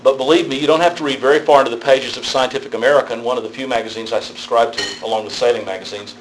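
A man's voice: medium pitch, racing, slight background noise, poor audio. A middle-aged man, a pastor, giving a conversational theology lecture, checking in with his listeners as he goes. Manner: conversational, animated storytelling with tag questions.

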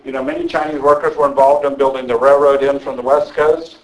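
A man's voice: mid-range voice, steady tone, fast talker, rough recording. An older man gives an evening lecture to an audience in a conversational way, often checking in with the room. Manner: conversational, with frequent "okay?" check-ins.

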